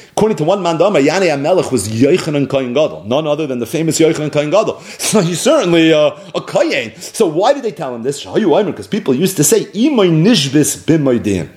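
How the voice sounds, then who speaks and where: Lively male Talmud teacher, rising pitch. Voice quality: animated, sometimes laughing as he explains. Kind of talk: explaining and retelling a text to a class.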